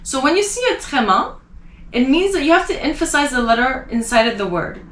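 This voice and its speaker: A woman's voice: sits high, big pitch swings, a bit bright. A woman teaching a beginner language class, explaining step by step and repeating each word to show how it should sound. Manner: explains slowly, repeats words to demonstrate pronunciation. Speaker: French teacher. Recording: echoey room.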